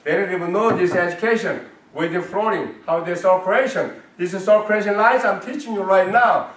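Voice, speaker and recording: A man's voice: high voice, fairly quick, hardly any pauses, fairly bright tone. A man, a martial arts grandmaster, teaching a health class in broken, emphatic English, asking questions and answering them himself. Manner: emphatic, non-native phrasing, asks and answers his own questions. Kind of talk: class instruction. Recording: roomy sound from a distant mic.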